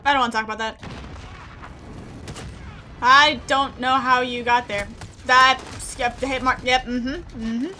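High, bright excitable gamer woman. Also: a little hiss or hum. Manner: excitable, self-deprecating, quick to laugh. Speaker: gaming video creator. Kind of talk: live gameplay commentary.

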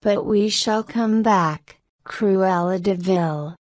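A woman's voice: mid-range voice, slow, a little mellow, no room sound, studio quality, close to an everyday voice. A woman reading the part of a devoted, anxious female dalmatian mother who speaks earnestly. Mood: defiant. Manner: earnest, fierce when roused.

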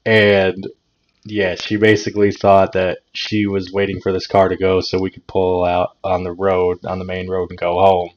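On his own channel, a man with a deep, monotone voice tells a laid-back story-time vlog at a moderate pace, chuckling and repeating words along the way. The recording sounds dull and lo-fi.

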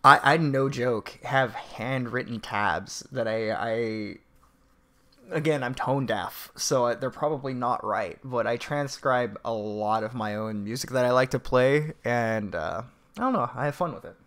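A man's voice: medium pitch, a little slow, bright, forceful tone. A man casually chatting with viewers on a live stream, reading out donations in a rambling, laid-back way, laughing often and swearing offhandedly.

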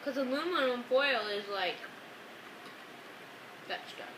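A teenage girl joining her friend's home video, loud, playful and joking. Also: fairly high pitch, lively intonation, slow, background noise. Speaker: friend of the vlogger. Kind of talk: casual home video chat.

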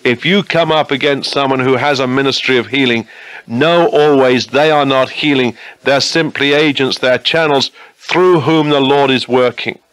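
A man's voice: medium pitch, moderate pace, fairly bright tone, no room sound, poor audio. A man preaching a sermon in an earnest, conversational way, often asking his listeners questions.

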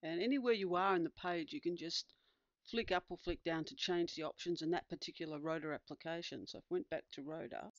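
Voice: mid-range voice, brisk, dry recording. Tutorial voice-over: patient instructor walking through settings, dry slightly muffled desk recording. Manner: calm step-by-step explaining with fillers. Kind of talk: screen-recorded tutorial demonstration.

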